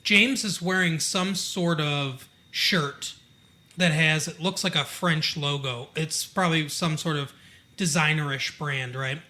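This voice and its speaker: A man with a fairly high, bright voice chatting loosely as a podcast co-host. He rambles with lots of fillers and slips into the characters' lines as he retells scenes. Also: unhurried. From Michigan. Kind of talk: casual chat about a TV show.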